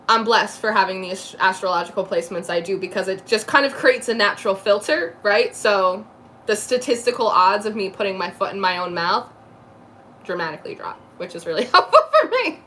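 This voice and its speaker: A woman's voice: medium pitch, bright, forceful tone, slight background noise. Chatty New woman reading tarot. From New Jersey. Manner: chatty, laughs often, quick asides. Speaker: tarot reader. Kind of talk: live tarot reading chat.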